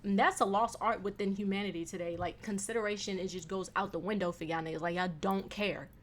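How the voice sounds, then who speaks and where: A young woman hosting a casual solo podcast, venting in a profane, animated way with sudden loud bursts. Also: medium pitch, quick pace. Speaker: podcast host.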